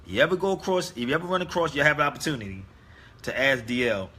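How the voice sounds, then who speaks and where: A man's voice: medium pitch, big pitch swings, quick pace, sharp tone, breathy edge. A man telling a story in a casual monologue, emphatic and speaking straight to his listeners. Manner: emphatic, addresses listeners directly. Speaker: online talk host.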